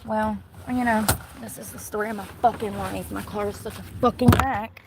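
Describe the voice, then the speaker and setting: A woman's voice: mid-range voice, fairly even intonation, moderate pace, vocal fry. A young woman, rambling and swearing freely as she livestreams from a phone around her vehicle. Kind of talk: casual livestream chat. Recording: vehicle noise behind voice.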